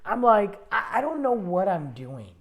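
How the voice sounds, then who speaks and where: A man hosting a podcast, telling a personal story in a rambling, animated way, often cutting himself off mid-sentence. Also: sits high, measured pace, vocal fry. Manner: rambling, animated, self-interrupting. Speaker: podcast host. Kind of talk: casual storytelling monologue.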